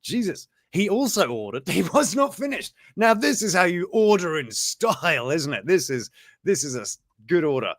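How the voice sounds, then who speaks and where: A man's voice: high voice, very animated, normal speed, no room sound, studio quality. A man hosting a show, rambling through news items in casual commentary, chuckling and breaking off mid-sentence. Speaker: show host.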